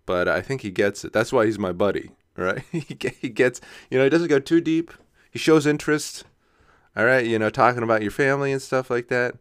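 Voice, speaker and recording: A man's voice: medium pitch, a little fast, a bit bright, clean tone, no room sound, clean studio sound. A young man hosting a solo podcast, rambling casually, often laughing at himself and checking in with "right?". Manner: casual, self-mocking, laughs often, says "right?" a lot. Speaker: podcast host.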